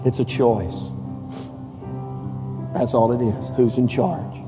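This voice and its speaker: A man pastor telling a story in a sermon, swinging from hushed to shouting with dramatic force. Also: medium pitch, takes it slowly. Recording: long hall reverb, faint music behind.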